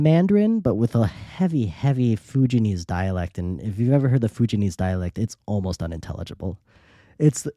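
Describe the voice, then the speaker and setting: A man with a lowish voice, recorded dry and at studio quality, hosts a podcast. He tells a travel story casually, as a lively anecdotal storyteller who acts out the dialogue of people he met.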